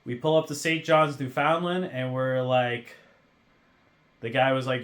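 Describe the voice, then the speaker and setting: A man hosting a podcast, telling a casual story in a profane, ranting way that swings between mumbled asides and loud outbursts. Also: mid-range voice, measured pace. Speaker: podcast host.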